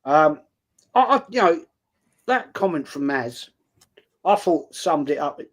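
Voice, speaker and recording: A man with a London accent hosting a casual football livestream, reading out viewer comments and giving shout-outs. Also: a little high, big pitch swings, slow. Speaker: host.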